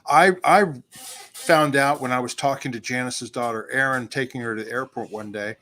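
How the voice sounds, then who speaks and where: A man hosting a casual discussion, asking questions and retelling conversations with animated quoting. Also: medium pitch. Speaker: host. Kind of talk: casual chat.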